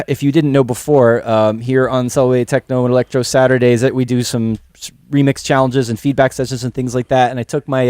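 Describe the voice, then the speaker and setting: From a music school studio, a man hosts a casual livestream, upbeat and chatty, greeting chat viewers one by one by name as electronic music plays. His medium-pitched voice is a little mellow, and the recording is dry.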